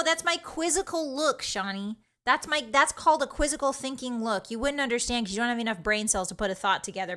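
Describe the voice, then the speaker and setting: A woman's voice: fairly high pitch, sharp tone. A young woman streaming a game, chatting with her viewers in a playful, teasing way. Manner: playful, teasing, bubbly greetings. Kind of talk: casual stream chat.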